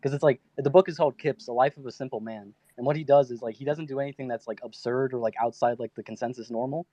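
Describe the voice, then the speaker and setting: A man chats fast through earbuds, his thoughts tumbling out with endless fillers and restarts. The call sound is dull and dry. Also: mid-range voice, dark tone, no echo. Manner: rambling, full of "like" and restarts. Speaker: caller, guest. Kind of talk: casual chat over a call. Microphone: AirPods on a call.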